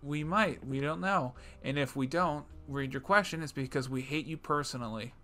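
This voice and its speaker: A young man co-hosting a podcast, making edgy jokes with sarcastic, deadpan asides in casual chat. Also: mid-range voice, moderate pace, soft background music. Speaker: podcast co-host.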